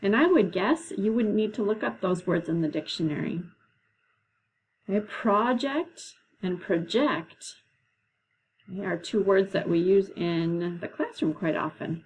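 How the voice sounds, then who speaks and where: A woman teacher leading a classroom lesson, explaining patiently and slowly, with frequent "okay"s. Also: medium pitch, a little mellow, slight background noise, poor audio. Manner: slow, patient, drawn-out explanations.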